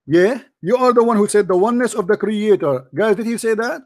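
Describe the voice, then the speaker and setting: A man whose first language is Arabic debates in a high voice, hammering the same question again and again. His voice sounds close and dry with no room around it. He talks insistently and talks over his opponent. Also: brisk, dry recording. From Middle East. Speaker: debate host. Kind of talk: heated debate.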